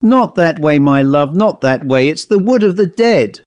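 A man's voice: mid-range voice, lively intonation, unhurried, dry recording, lightly acted. A man voicing an ardent young farmhand who calls out eagerly, in an audiobook ghost story. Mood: alarmed. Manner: calling out eagerly.

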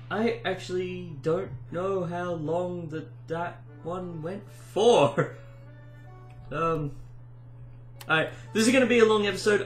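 A man giving casual let's-play commentary, excitable and easily amused. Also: a little high. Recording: roomy echo with game music behind.

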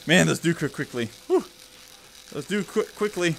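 Frantic male gameplay host, high and very lively voice, over noisy game sounds. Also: normal speed, creaky. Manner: excitable, frantic, self-mocking. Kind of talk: casual gameplay commentary.

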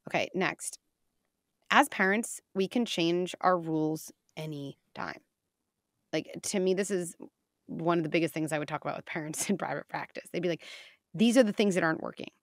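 Animated woman with a creaky voice. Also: deep voice, moderate pace, dry recording, clean studio sound. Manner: animated, acts out scenes with quoted voices. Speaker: guest, clinical psychologist. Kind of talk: casual interview talk.

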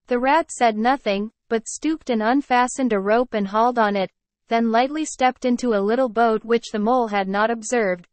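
A woman teacher reading a story aloud to children, pausing to explain words. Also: a little high, no room sound. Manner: clear, explaining, addresses children. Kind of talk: read-aloud lesson with word explanations.

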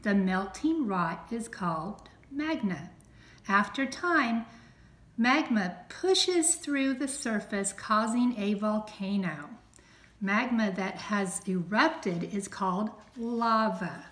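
Woman teacher, storybook read-aloud, slow and clear, roomy echo. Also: mid-range voice, animated, a bit bright. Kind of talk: reading a storybook aloud to children.

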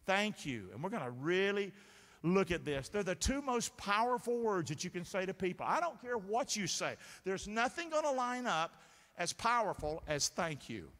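Animated, bright-voiced male preacher. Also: high voice, normal speed. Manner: preaches with call-and-response questions. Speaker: pastor. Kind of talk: sermon. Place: church sanctuary. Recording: reverberant sanctuary sound.

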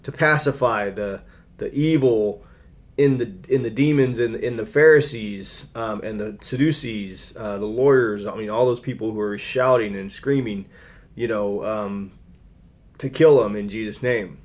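A man's voice: on the low side, measured pace. A man giving informal commentary on a scripture reading, rambling, with frequent restarts and fillers. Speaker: Bible teacher.

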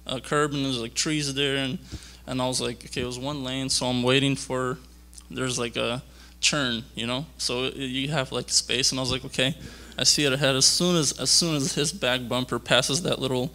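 Young guy telling his story at youth church, gravelly, lots of likes and ums. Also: mid-range voice, fairly even intonation, pushed and bright. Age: young adult. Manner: halting, full of fillers and restarts. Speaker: youth giving a church testimony. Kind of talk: rambling personal testimony.

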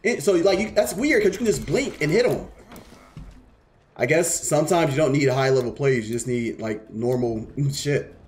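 A man's voice: fairly high pitch, animated, moderate pace, a little mellow. A man streaming a game live, casually explaining strategy while teasing the players on screen and swearing freely. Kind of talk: live gameplay commentary.

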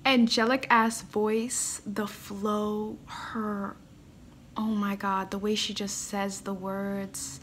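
A young woman hosting a music reaction, gushing and exclamatory, swinging between loud squeals and quiet musing. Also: medium pitch, a little hiss or hum. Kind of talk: excited reaction commentary.

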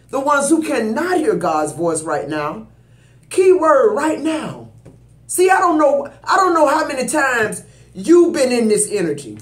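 Guy doing a tarot reading, preachy and emphatic, aave, echoey room. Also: very high voice. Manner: preachy, emphatic, addresses viewers directly. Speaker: tarot reader. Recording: roomy echo.

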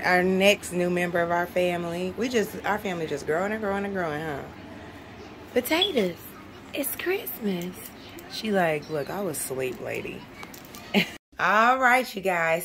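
A woman's voice: on the low side, fairly bright tone, slight background noise. A young woman, a mother, chatting casually to her camera in a family vlog and often saying "you guys" and "y'all". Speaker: vlogger, working mom of three.

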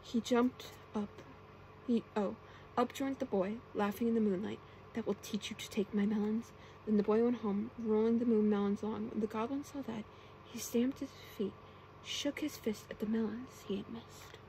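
Brief: young woman, whispered role-play storyteller, soft hushed reading, a touch high, faint hiss behind. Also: fairly even intonation, normal speed, poor audio. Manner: soft, often whispered reading with playful character voices. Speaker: ASMR storyteller.

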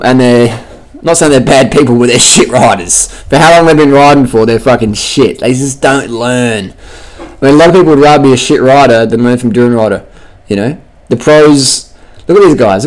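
A man giving casual commentary over race footage in a blunt, mocking, heavily profane way, throwing in buzzing sound effects. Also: medium pitch. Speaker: cycling vlogger.

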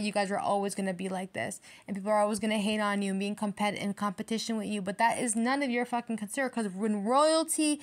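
A woman giving a casual tarot reading in a brash, emphatic way, swearing freely as she talks to her viewers. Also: on the high side. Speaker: tarot reader.

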